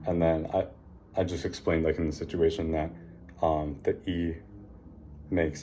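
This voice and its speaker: Male teacher, low mellow voice, upbeat praise, drawn-out letter sounds, filler-heavy. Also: level tone, slight background noise. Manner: encouraging, sounds out letters slowly; frequent fillers like um and like. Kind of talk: classroom phonics lesson.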